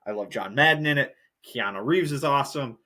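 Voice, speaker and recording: A man's voice: mid-range voice, expressive, a little fast, sharp tone. A young man hosting a solo podcast, ranting in a heated, profane, rambling way. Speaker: podcast host.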